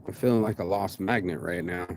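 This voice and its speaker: A deep-voiced vlogger from Las Vegas talks to camera at a brisk pace in a heartfelt, rambling motivational monologue. He swings between sighs and emphatic outbursts against a noisy ambient background.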